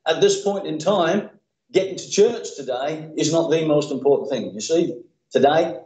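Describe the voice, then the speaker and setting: A man's voice: a little high, warm tone, roomy sound, dull audio. A man preaching a sermon as pastor, earnest and emphatic with mocking asides. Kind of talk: sermon with opening prayer. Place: church sanctuary.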